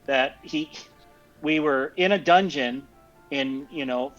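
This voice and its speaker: A man's voice: on the high side, takes it slowly, a bit bright. A man in his fifties tells a long, rambling story in casual chat, with many restarts. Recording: dull lo-fi audio with faint music.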